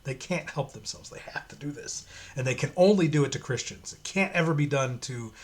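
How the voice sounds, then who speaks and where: A man's voice: a little high, fairly quick. A man giving casual, profane, opinionated commentary while reading a comic aloud. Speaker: comic reviewer.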